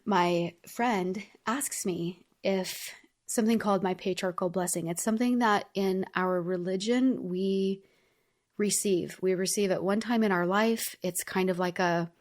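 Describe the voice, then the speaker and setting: On her own show, a podcast host reflects on a personal story with sincere, heartfelt warmth, talking casually with plenty of fillers. Her voice is mid-range and her pace unhurried.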